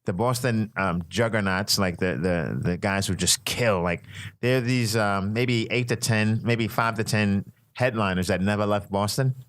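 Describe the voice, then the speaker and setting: Male comedian guest, low and dry, laid-back delivery. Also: a little slow, fairly bright tone, dry recording. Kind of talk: casual podcast chat.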